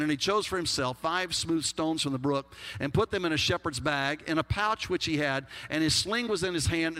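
Emphatic Texan pastor in a reverberant hall. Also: male voice, a little high, sharp tone. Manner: folksy and emphatic, with humorous asides. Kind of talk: sermon.

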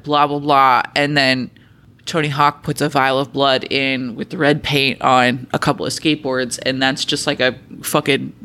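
A woman co-hosting a podcast in casual chat, excitable and sweary, often trailing off mid-thought. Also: rumbling low, moderate pace. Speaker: podcast co-host.

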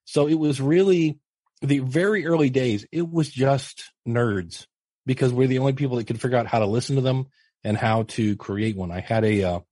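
Middle-aged guy on a podcast, kinda husky, dry close mic, rambly funny storytelling. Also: mid-range voice, moderate pace, dry recording. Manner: chatty, self-mocking, animated quoting. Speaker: podcast guest and teacher. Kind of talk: casual storytelling interview.

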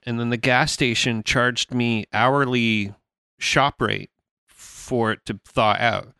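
A man's voice: medium pitch, pushed and bright, smooth, no room sound, studio quality. A man hosting a podcast, telling rambling stories in casual chat and laughing often. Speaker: podcast host.

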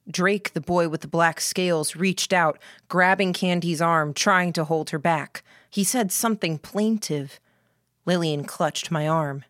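A woman narrates a first-person story in a low, steady voice, measured and reflective. The reading is dry and close, with no room sound around it. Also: dry recording. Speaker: audiobook narrator.

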